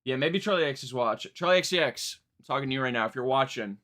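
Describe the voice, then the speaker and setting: A man's voice: mid-range voice, animated, fast, sharp tone. A young man streaming a live album reaction, chatting casually in a rambling, self-mocking way.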